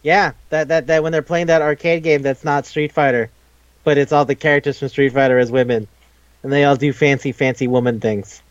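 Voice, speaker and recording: A man co-hosting a podcast in casual chat, rambling and swearing as he tells animated stories. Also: mid-range voice, brisk, no room sound. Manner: rambling, profane, animated storytelling. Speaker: podcast co-host. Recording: dull lo-fi recording.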